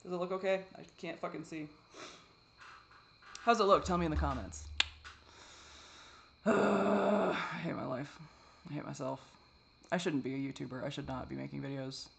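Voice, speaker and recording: A man talking in a confessional vlog, halting and repetitive, swearing often, and shifting between distress and soft, wry self-deprecation. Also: fairly high pitch, steady tone, creaky, a little hiss or hum. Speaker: vlogger.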